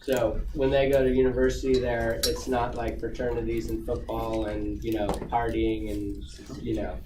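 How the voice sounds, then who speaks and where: A man's voice: medium pitch, flat delivery, normal speed. A man speaking as a guest to students in a casual, rambling way, full of fillers and restarts. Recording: echoey room, far from the mic, noisy.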